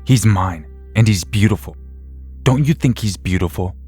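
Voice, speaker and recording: A woman's voice: a bass voice, normal speed, mellow, slightly rough, faint music behind. A man voicing an obsessive young woman in her twenties who talks in a playful, sing-song way about a baby that isn't hers. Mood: menacing. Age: 20s. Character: obsessive young woman, falsely claiming a newborn.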